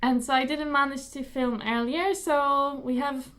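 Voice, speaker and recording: Young woman, high voice, slightly hoarse, chatty crafting vlog host, self-deprecating, lots of ums and repeats. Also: steady tone, a little slow, fairly bright tone. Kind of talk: casual chat to camera.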